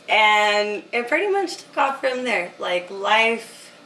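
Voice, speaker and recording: A young woman from Utah telling her story as a guest in a casual interview, animated and laughing often, with lots of filler words. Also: mid-range voice, reverberant, recorded from a distance, a little hiss or hum, low-quality recording.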